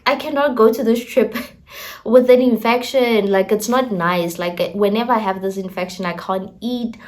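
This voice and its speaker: A young woman, casually telling a faith testimony as a vlogger, expressive and slangy, acting out her own quotes. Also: medium pitch.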